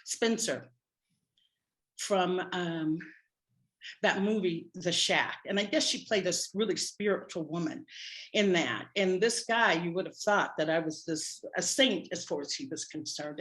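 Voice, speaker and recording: Speaking on the low side, this middle-aged spiritual practitioner shares a story from her own life with the congregation, lively and dryly humorous in her delivery.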